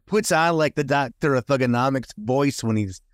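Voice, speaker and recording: A man's voice: mid-range voice, moderate pace, no echo. A man co-hosting a podcast, musing over his guesses in casual chat. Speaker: podcast co-host.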